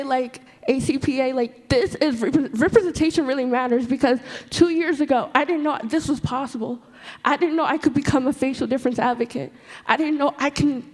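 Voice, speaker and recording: A woman's voice: sits high, in a large hall. A woman in her twenties giving a heartfelt comment from the floor at a conference, often repeating her words. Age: 20s. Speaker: audience member. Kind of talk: emotional public comment. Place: large conference hall.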